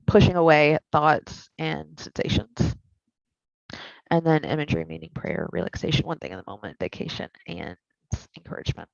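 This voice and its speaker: A woman therapist teaching a skills class in a candid, animated, conversational way. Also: low-pitched, creaky, no echo. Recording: dull lo-fi recording.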